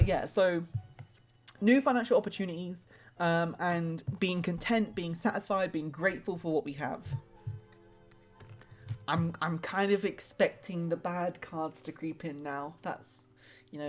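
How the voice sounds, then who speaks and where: Woman streamer, lower register, rambling casual reading, soft music under her. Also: measured pace. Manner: rambling, heavy use of "like" and restarts; warm and affectionate toward viewers. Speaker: streamer doing tarot readings. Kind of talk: casual live-stream chat.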